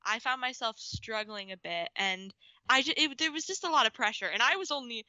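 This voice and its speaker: A woman co-hosting a radio talk show, recounting her past earnestly and pausing to search for words. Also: on the high side, lively intonation, pushed and bright, no room sound. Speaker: co-host. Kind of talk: casual radio interview.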